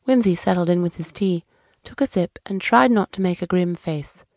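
A woman narrating a children's audiobook in a clear, measured storytelling manner. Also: on the low side, darkish tone, no room sound, studio quality.

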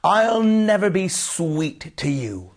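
A man voicing a shrill, grumpy young bride who snaps and shrieks. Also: big pitch swings, slow, full character voice. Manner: shrieking, snappish.

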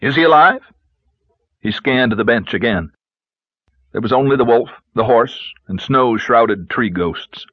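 A man narrating a western audiobook in a measured, even storytelling manner. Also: medium pitch, husky, no echo, highs cut off. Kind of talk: scripted narration.

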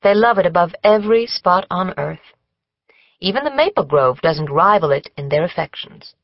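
A lively young mother speaks with brisk interest, as a woman narrator gives her voice. The recording is close and dry, with slightly dulled highs. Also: no echo, lo-fi sound. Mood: fond.

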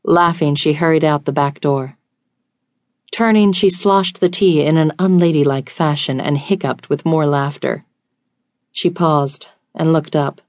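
Woman narrator, low voice, measured, dry close studio sound. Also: a little mellow, dry recording. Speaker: audiobook narrator. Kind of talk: scripted romance narration.

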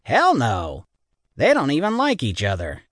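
A man voicing a gruff, laconic male tunnel boss in an audiobook, speaking slowly and bluntly. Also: mid-range voice, huge pitch swings, a bit bright, no room sound, clean studio sound, heavily acted.

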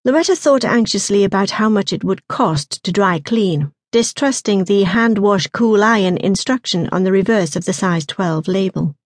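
This is scripted audiobook narration from a woman at medium pitch, delivered evenly and with measured pacing. She's recorded close on a studio mic with no echo.

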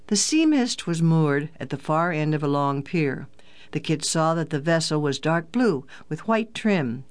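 An audiobook narrator reading a children's adventure story in a clear, even storytelling manner. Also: medium pitch.

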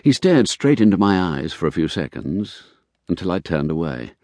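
Brief: male narrator, first-person novel read, animated delivery, dry booth. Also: low voice, moderate pace, dry recording. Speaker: audiobook narrator.

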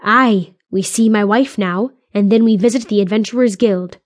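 A woman voicing a gruff male dwarf warrior in an audiobook, speaking in an old-fashioned rustic way. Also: medium pitch, moderate pace, no echo, clean studio sound, natural voice. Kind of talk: audiobook character voice.

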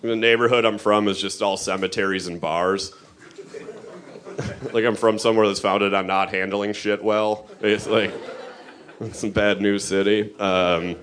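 A man from Chicago doing a stand-up comedy set, rambling loosely and jumping up in pitch for quoted rants. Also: flat delivery, unhurried, fairly bright tone.

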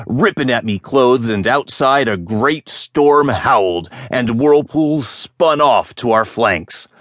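A man voicing a boastful former pirate who tells tall tales in rough dialect. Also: fairly low pitch, fairly bright tone, no room sound, studio quality. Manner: swaggering, dialect speech. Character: boastful old male ex-pirate storyteller.

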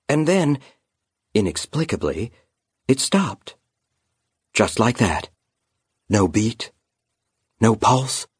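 A man narrating a children's fantasy audiobook with dramatic storytelling and slowdowns. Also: mid-range voice, husky, dry recording, studio quality.

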